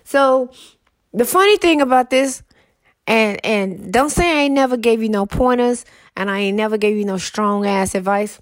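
A woman's voice: on the high side, measured pace, no echo. A woman, telling a story and giving blunt, profane advice in casual talk, a little congested. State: congested, mouth breathing.

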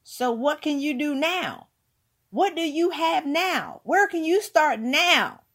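High-pitched lady preaching a pep talk, repeats stuff for punch. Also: expressive, slow, fairly bright tone. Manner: preachy, emphatic, repeats words for effect. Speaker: motivational speaker. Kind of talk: motivational talk.

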